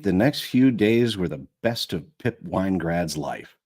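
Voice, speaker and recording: A man's voice: sits low, very animated, a little slow. A man narrating an audiobook live, going back over lines when he stumbles. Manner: rereads lines after stumbles. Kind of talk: reading an audiobook aloud.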